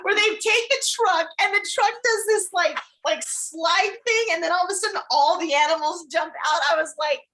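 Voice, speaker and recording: A woman's voice: very high voice, moderate pace, hardly any pauses, pushed and bright, slight background noise, low-quality recording. A woman co-hosting a casual chat, jumping in with enthusiasm. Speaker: podcast co-host.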